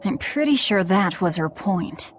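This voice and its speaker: A woman's voice: medium pitch, animated, a little slow, lightly acted. A blunt, guarded young woman, voiced by an actress, speaks tersely in a mid-range, subdued voice. A faint ambient hum sits under the game dialogue. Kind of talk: game voice acting.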